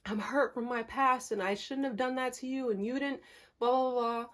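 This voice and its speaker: A woman quoting a pleading, manipulative young boyfriend in a hushed, soft voice. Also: on the high side, fairly even intonation, normal speed, voice pushed up, natural voice.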